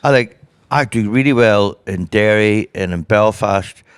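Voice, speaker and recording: A man's voice: fairly low pitch, measured pace, clear, resonant tone, no room sound, clean studio sound. A man with a Northern Irish accent, a guest comedian telling stories in a casual interview and acting out other people's voices. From Northern Ireland. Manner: animated storyteller who acts out other people's voices.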